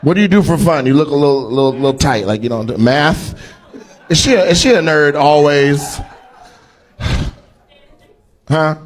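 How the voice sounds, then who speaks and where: A middle-aged stand-up comedian working the crowd from a live stage. His voice sits a touch high for a man, and he is loud, profane and teasing as he ribs audience members. Heard through a handheld stage mic in the venue. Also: animated, moderate pace, long pauses.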